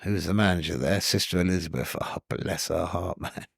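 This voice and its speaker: A low-pitched man talks openly as a podcast guest. His speech is earnest and loose, full of asides and "you know what I mean". The sound is dry and close, with no room around it. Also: brisk, gravelly, husky, no room sound. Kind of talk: casual candid storytelling.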